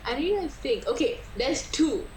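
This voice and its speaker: A woman's voice: sits high, big pitch swings, moderate pace, a little mellow. A teenage girl, chatting casually as a podcast co-host and packing her stories with "like". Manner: chatty, fillers "like" constantly, storytelling. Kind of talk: casual chat. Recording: noisy room ambience.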